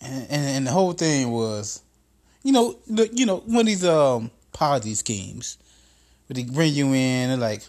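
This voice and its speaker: A man's voice: medium pitch, expressive, moderate pace, a little mellow. Profane comedic man ranting. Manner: profane, storytelling, rising into exasperated rants. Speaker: podcast host. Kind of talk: casual comedic monologue.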